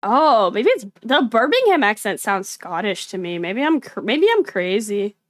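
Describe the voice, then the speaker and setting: A woman's voice: mid-range voice, sing-song, moderate pace, dry recording. A young American woman hosting a livestream, chatting casually with viewers in a rambling, laughing way. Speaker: livestream host.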